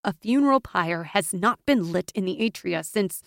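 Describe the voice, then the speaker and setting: A woman voicing a cold noblewoman whose voice climbs to a shrill, fearful pitch. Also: lively intonation, moderate pace, vocal fry, dry recording, clean studio sound. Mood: shrill, frantic. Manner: cold, rising to shrill rage.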